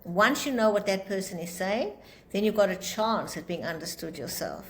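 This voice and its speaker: A woman's voice: medium pitch, lively intonation, moderate pace. A woman teaching a class on communication, explaining with acted-out example dialogues. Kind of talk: lecture with group discussion.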